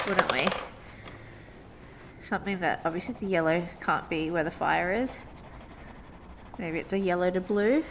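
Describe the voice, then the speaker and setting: In a casual sketch-and-chat monologue, a young illustrator and vlogger rambles to her viewers, leaning on "like" as a filler. Her mid-range voice comes over a noisy background, recorded at her home desk next to a sunny window.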